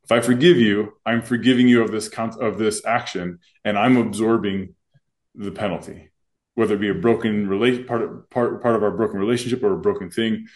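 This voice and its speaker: A man's voice: fairly low pitch, fairly even intonation, a little fast, darkish tone. A man co-hosting a podcast, speaking earnestly and reflectively as a school leader in casual discussion. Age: adult with children. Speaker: school administrator and podcast co-host.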